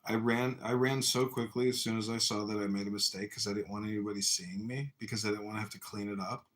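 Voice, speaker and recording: Animated American man telling a story. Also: on the low side, quick pace. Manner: animated, acts out yelling voices in stories. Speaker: podcast host. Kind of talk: casual storytelling.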